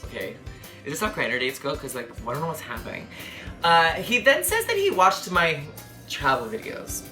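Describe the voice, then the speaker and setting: A young man telling a comedic dating story to camera, sassy, animated and profane. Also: on the high side, normal speed, soft background music. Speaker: travel vlogger.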